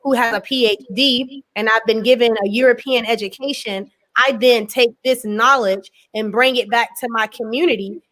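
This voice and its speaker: An American woman with a fairly high voice talks as a guest scholar. She lays out her points with emphasis, stacking up repeated phrases and checking in with "right?" as she goes. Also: a bit bright. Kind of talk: conversational interview.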